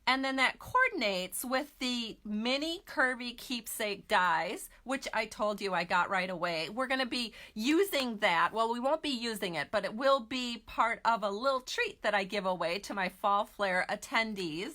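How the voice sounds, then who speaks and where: A woman's voice: fairly high pitch, expressive, moderate pace, few pauses, pushed and bright. A middle-aged woman from Minnesota hosting a casual craft product walkthrough, chatty and gushing, with frequent fillers. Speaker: host.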